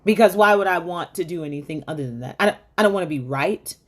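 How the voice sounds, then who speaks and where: A woman's voice: lowish voice, animated, fast talker. A middle-aged woman hosting a motivational faith-based talk, telling stories in a chatty way with many asides and frequent laughs. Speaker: host of a women's faith talk.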